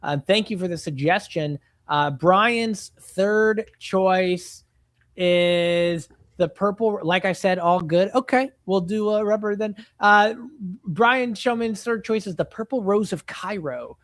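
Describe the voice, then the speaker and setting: A man's voice: sits high, takes it slowly, fairly bright tone, no echo. A young man co-hosting a casual live stream, reading chat messages and poll results aloud and retelling comedy sketches. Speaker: co-host of a movie reaction stream.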